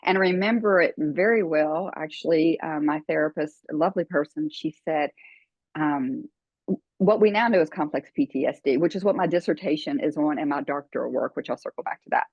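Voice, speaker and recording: Low-voiced older woman, earnest and halting. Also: no room sound, lo-fi sound. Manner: earnest, emotional, halting with fillers. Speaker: guest. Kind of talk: podcast interview storytelling.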